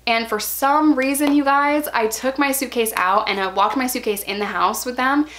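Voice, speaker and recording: A woman in her thirties tells a story straight to the camera. Her voice sits a little high, and she talks in a loose, chatty way full of fillers. She springs into a higher voice whenever she acts out what someone said. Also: normal speed. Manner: animated, acts out quoted lines in a raised voice. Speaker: vlogger. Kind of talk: casual personal storytelling.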